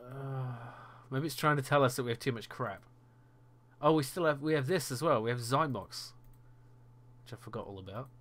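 A man's voice: medium pitch, normal speed, a bit bright. A man hosting a let's play, chatting casually and grumbling wryly about the game, often laughing. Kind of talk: casual gameplay chat. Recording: faint background noise.

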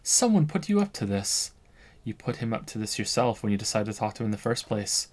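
A man's voice: fairly low pitch, sing-song, brisk, a little mellow. A man in the middle of a let's-play stream, alternating between reading on-screen dialogue and musing aloud. His commentary is dry and casual, full of self-corrections and half-finished thoughts. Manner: wry, thinks aloud with frequent restarts. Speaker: streamer playing a game.

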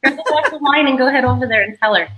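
A young adult woman talks as a guest in a casual interview. Her voice is bright and a little high, and she speaks in an earnest, heartfelt way. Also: rapid-fire, rough recording. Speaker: guest, event co-founder.

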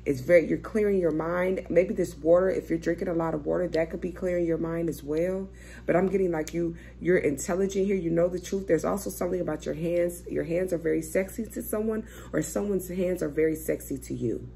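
Young woman, tarot reader, gravelly low voice, loose profane chat, faint hiss behind. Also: brisk, mellow. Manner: chatty, profane, thinking aloud. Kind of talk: casual tarot reading.

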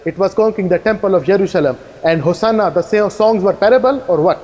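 A man giving a fast, insistent debate rebuttal, firing challenging questions at his opponent. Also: sits high, darkish tone. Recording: echoey hall reverb.

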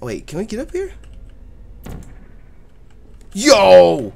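A man hosting a let's play, commenting loudly and profanely, often yelling at the game. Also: medium pitch, brisk. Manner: loud, profane, excitable, yells at the game. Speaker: gaming channel host.

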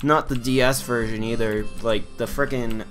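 A man's voice: medium pitch, fairly even intonation, moderate pace, a bit bright. A man giving joking, playful commentary while playing a video game. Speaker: gamer. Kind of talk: let's play commentary. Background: game music.

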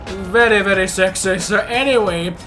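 A young Scottish man with a Scottish accent giving excitable, sweary gameplay commentary while driving a car in a racing game. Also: high-pitched, moderate pace. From Scotland. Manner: excitable, sweary, laughs often. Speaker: gaming YouTuber. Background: game engine and music.

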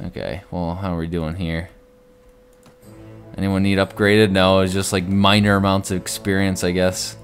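A man with a fairly low voice chats loosely as he plays, stringing thoughts together with lots of "like". He breaks into sudden loud exclamations, with soft game music under him. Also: little pitch movement, moderate pace. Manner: rambling, many "like"s, sudden exclamations. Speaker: gaming video host. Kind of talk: casual gameplay commentary.

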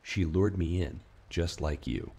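A man's voice: deep voice, animated, a little slow, gravelly, mellow, slightly rough, exaggerated voice. A man voicing a wounded man in a suit in a spoken horror story, sounding strained and pleading.

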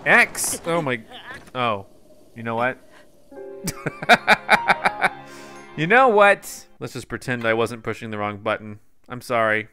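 A man giving casual let's-play commentary over a video game. He is excitable, laughs often and yelps out exclamations. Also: mid-range voice, slow, pauses often, faint music behind. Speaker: gameplay channel host.

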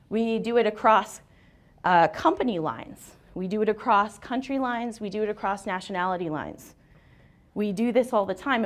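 A woman in her forties giving a lively, joking seminar talk in a lecture room. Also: medium pitch. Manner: lively, joking, self-deprecating. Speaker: seminar speaker. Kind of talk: conference talk.

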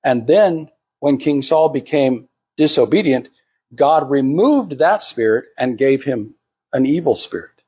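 A man's voice: medium pitch, lively intonation, a little slow, warm tone, breathy edge. A man preaching to a congregation, acting out the voices of the people he quotes. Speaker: pastor. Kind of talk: sermon.

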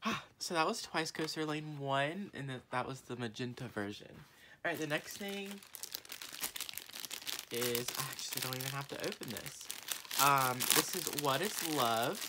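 Young woman vlogger, very low voice, rambling casual unboxing chat, gushing fan. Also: noisy background. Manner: chatty, rambling with many fillers and restarts; gushing fan, swings from low murmuring to excited squeals. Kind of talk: casual unboxing haul vlog.

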